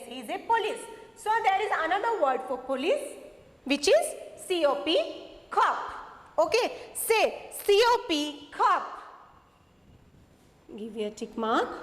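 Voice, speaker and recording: A woman with an Indian English accent teaching phonics to young children, spelling out letters slowly and repeating each word. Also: very high voice, fairly bright tone, big-room sound. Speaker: kindergarten teacher.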